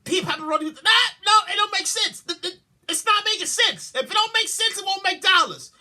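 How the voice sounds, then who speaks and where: Animated, bright-voiced woman podcast host. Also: very high voice, moderate pace. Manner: loud exclaiming, repeating words, swearing, frequent laughter. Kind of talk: comic commentary on news headlines.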